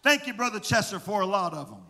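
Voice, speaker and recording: A male pastor preaching a fast, fervent Pentecostal sermon, often shouting scripture. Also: sits high, very animated, gravelly. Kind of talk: Pentecostal camp-meeting sermon. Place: church hall. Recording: large hall with long reverb, faint crowd.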